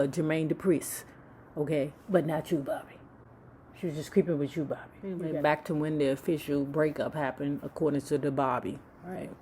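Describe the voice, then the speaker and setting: Brief: low-pitched woman, sassy gossip host, profane asides, faint noise behind. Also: mellow. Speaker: YouTube book club host. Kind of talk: casual gossip storytelling.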